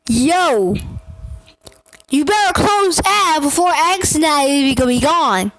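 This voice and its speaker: A woman with a very high, piping voice reacts to a game in loose, unhurried commentary. She scolds what she sees with blunt, coarse words and suddenly flares into shouts. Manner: excitable, bursts into shouts and gasps. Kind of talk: casual gameplay reaction commentary.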